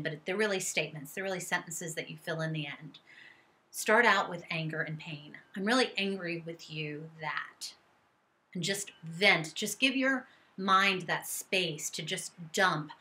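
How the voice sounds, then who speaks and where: A middle-aged woman speaks as a therapist, coaching her listeners in an earnest, encouraging way. Her voice sits a little low yet has a bright, forceful edge. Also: measured pace. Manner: earnest, coaching, acts out angry statements. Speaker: therapist giving advice. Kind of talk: direct-to-camera advice talk.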